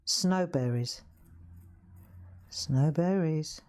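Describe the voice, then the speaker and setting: Speaking extremely slowly with a low, darkish voice, a craft show host runs a live demonstration from her craft room. She is middle-aged, has a Southern English accent, and keeps things chatty and self-deprecating, with frequent laughter.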